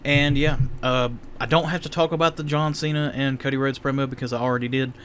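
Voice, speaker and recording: A man's voice: medium pitch, fairly even intonation, quick pace, a bit bright, slight background noise. A young man casually reviewing a wrestling show in a rambling, candid way, often stopping to correct himself.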